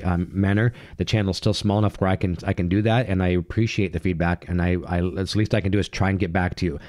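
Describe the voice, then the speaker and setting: A man's voice: sits low, darkish tone, no echo, clean studio sound. A man hosting his own channel, giving an enthusiastic, rambling recap full of fillers and restarts. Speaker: channel host. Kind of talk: casual TV recap monologue.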